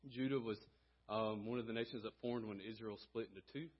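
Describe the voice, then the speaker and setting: A man preaching a sermon in a church, earnest, growing louder as he exhorts. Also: lowish voice, fairly even intonation, fairly quick, husky, lo-fi sound. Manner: earnest, rising in volume when reading and exhorting. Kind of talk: sermon with scripture reading and prayer. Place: church sanctuary.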